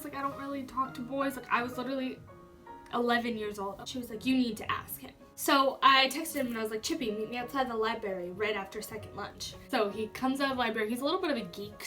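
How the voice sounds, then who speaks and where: A woman's voice: a little high, sharp tone, recorded from a distance. A young woman telling a personal story to camera in a chatty way, full of "like" and casual swearing. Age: young adult. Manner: chatty, says "like" often, swears freely. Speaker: YouTuber.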